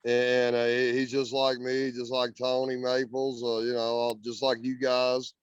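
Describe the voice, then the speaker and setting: A man's voice: mid-range voice, completely flat delivery, a little slow, smooth, no room sound, muffled recording. A man from Indiana, a guest earnestly telling a story in casual chat, often repeating words as he goes. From Indiana, USA.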